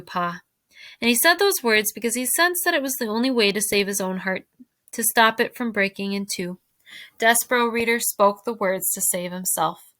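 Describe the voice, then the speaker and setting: A woman teacher reading a novel aloud to her fifth-grade class, expressive and speaking directly to her listeners. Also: mid-range voice, dry recording.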